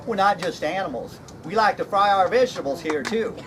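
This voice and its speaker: A man's voice: sits high, expressive, a little fast. A man playing a jovial, folksy, slightly mad Straw Hatter in an outdoor comedy skit, chuckling at his own jokes. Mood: jokey. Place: outdoor reenactment event. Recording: outdoor crowd and noise.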